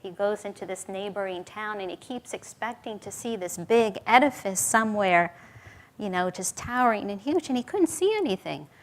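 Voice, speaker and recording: Woman telling a gentle devotional story. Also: medium pitch, animated, normal speed. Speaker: spiritual teacher.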